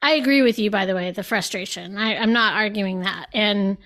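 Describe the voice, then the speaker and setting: A woman's voice: mid-range voice, normal speed, fairly bright tone. A woman co-hosting a casual political chat, conversational and wry. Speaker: podcast co-host.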